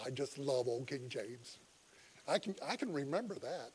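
A man preaching a sermon, folksy and chuckling, moving from quiet asides to loud, emphatic cries as he tells the story. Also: mid-range voice, expressive, slightly rough. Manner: folksy, chuckling, with halting fillers. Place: visiting church.

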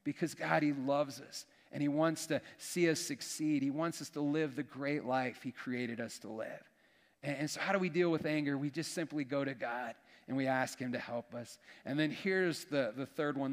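A man preaching as a pastor, earnest and folksy, often restarting his words. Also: medium pitch. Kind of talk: sermon. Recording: long hall reverb.

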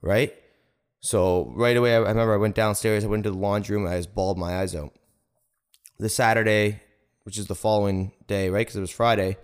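A man appearing as a podcast guest rambles through a personal story, constantly dropping "like" and "right?". His voice is lowish and clean-toned, steady and fairly quick.

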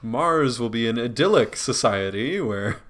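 A man's voice: medium pitch, animated, unhurried, a bit bright. A man co-hosting a podcast over a video call, joking and teasing in casual chat and laughing often. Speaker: podcast co-host.

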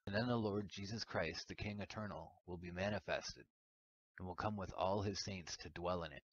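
A man's voice: sits low, normal speed, slight background noise, natural voice. A man voicing a stern, solemn male angel who guides and instructs, in a grave reading voice. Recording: dull lo-fi recording.

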